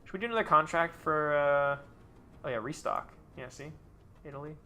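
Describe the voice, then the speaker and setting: A man's voice: on the high side, moderate pace, sharp tone. A young man casually commenting on a game he is live streaming, bantering and joking with his chat and swearing freely.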